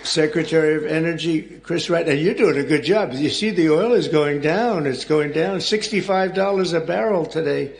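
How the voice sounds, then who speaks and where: A man's voice: fairly high pitch, moderate pace, vocal fry, hardly any pauses. An older man giving off-the-cuff public remarks in a large formal room, rambling and teasing his guests. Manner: rambling, digressive, teasing asides. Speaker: speaker at an official event. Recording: crowd murmur and room noise from an archive clip. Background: crowd of guests, background noise.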